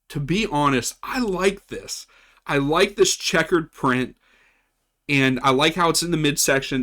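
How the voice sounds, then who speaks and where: A man's voice: medium pitch, fairly bright tone. A man from West Virginia chatting casually as he ranks soccer kits, often repeating himself and restarting sentences. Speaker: soccer channel host. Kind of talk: casual tier-list commentary.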